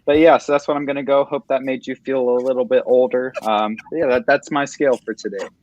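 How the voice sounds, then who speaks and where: A man's voice: medium pitch, steady tone, fast talker, darkish tone, lo-fi sound. A man co-hosting a casual podcast, easygoing and a bit hesitant. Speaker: podcast co-host. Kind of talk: casual chat.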